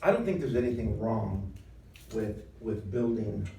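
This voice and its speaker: A man preaches in a lively, conversational way, leaning into emphatic lines and playful acted-out voices. His tone is dark and mellow. He sounds set back from the mic in a roomy live venue with a faint hum of ambience behind him. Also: fairly low pitch, measured pace, distant mic. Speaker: former pastor giving a talk. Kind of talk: preaching talk.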